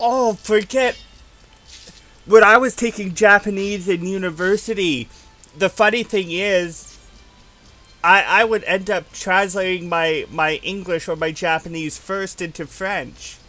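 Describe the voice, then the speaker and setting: A man's voice: sits high, unhurried, pushed and bright, soft background music. A man streaming a game from home, rambling and musing aloud in casual chat.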